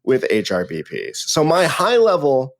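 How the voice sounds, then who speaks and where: Candid male podcast co-host, mid-pitched, playful and conversational. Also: huge pitch swings, unhurried, background noise. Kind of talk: casual podcast chat.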